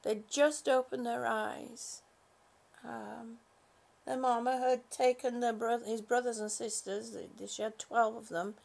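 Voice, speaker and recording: A woman hosts a casual live stream, calling each viewer honey or sweetie as she greets them. Her voice sits high but carries a gravelly edge, and she talks at an unhurried, meandering pace. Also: level tone, a little mellow. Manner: greets viewers one by one with affectionate pet names; rambling, with many fillers and restarts.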